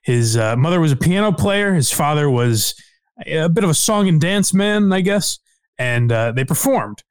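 A man hosting a podcast in casual chat, hesitant, with many fillers and sudden upward pitch jumps. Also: expressive, normal speed, smooth, no echo. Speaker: podcast host.

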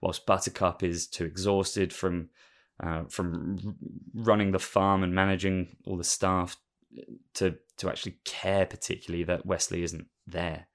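Deep-voiced man rambling through a story. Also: flat delivery, normal speed. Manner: rambling, with many fillers and restarts, and amused. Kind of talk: casual storytelling recap.

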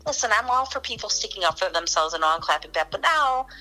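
A woman's voice: medium pitch, fast, faint music behind, low-quality recording. A middle-aged woman comedian from Chicago, telling stories in casual podcast chat, acting out quotes and swearing freely. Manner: animated storyteller, acts out quotes, swears freely.

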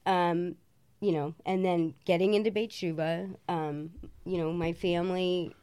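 A woman's voice: on the low side, steady tone, measured pace, warm tone, clean tone. A woman telling her story as a podcast guest, chatty and rambling with lots of fillers. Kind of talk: casual storytelling.

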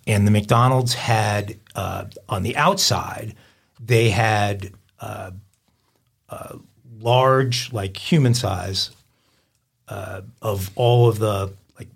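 A man's voice: lowish voice, drawn-out words, creaky, husky. A middle-aged man hosting a crime podcast, telling stories and reading headlines in a wry, chatty way. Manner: wry, storytelling. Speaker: podcast host. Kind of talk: casual podcast chat and news reading.

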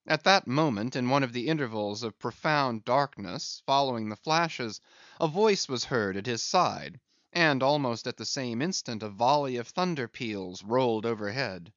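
A man reading a classic sea novel aloud as narrator, in an expressive, measured storytelling manner. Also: mid-range voice, no echo. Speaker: audiobook narrator. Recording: dry, slightly dull recording.

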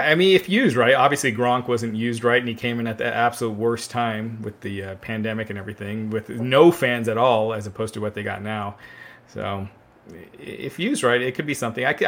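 Man, co-host, mid-pitched voice, easygoing, agreeable, wrestling chat. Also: a little fast, creaky, a bit bright. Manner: easygoing, agreeable, laughs often. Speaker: podcast co-host.

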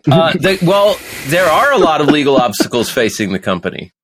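A man's voice: a little high, big pitch swings, fairly quick, a bit bright, a little hiss or hum. A man hosting a casual podcast chat, joking sarcastically, laughing often and restarting his sentences. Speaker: podcast host.

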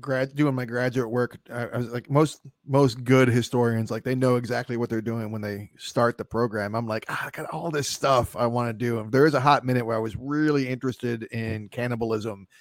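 A man's voice: medium pitch, steady tone, a little fast, hardly any pauses, dry recording, studio quality. A man co-hosting a podcast, chatting casually about movies in a rambling, profane way with frequent laughs. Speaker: podcast co-host.

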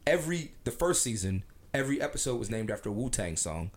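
A man's voice: mid-range voice, sing-song, fast talker. A man hosting a podcast, a writer, talking loosely with plenty of "you know what I'm saying". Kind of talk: casual podcast chat.

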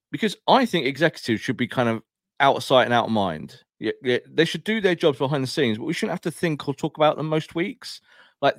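A man's voice: mid-range voice, no room sound. Emphatic man in a dry room. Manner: animated, emphatic, quick asides. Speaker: podcast co-host. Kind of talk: opinionated football talk.

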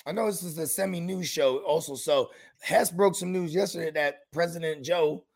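Gravelly high-voiced man, profane and animated. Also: normal speed. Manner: loud, profane, animated storytelling with acted quotes. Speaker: podcast co-host. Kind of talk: casual sports chat.

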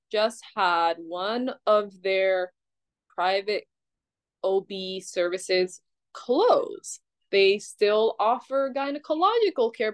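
A woman's voice: medium pitch, low-quality recording. A woman from Hawaii explaining options in a documentary interview, conversational and a little wry.

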